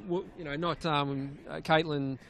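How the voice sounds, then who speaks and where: Aussie co-host guy, kinda high voice, umms a lot, faint noise behind. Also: fairly even intonation, a little slow, fairly bright tone. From Australia. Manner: hesitant, full of fillers when asking questions. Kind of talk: live sports broadcast.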